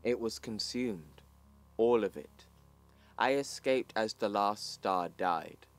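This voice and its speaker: A man reading out the lines of a stern woman conqueror from the future in a comic recap, in a flat reading voice. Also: lowish voice, slow pace, faint music behind. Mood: grim.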